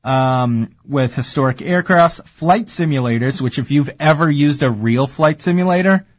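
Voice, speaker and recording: A man's voice: a little high, normal speed, no room sound. Chatty Boston radio host man. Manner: chatty, laughing, rambling with fillers. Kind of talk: casual radio chat. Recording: dull lo-fi radio broadcast.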